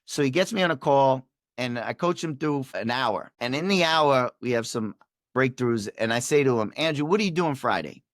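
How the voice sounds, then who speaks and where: Animated man telling a coaching story. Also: normal speed, dry recording, clean studio sound. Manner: acts out dialogue with shifting pitch and energy. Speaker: performance coach, podcast guest.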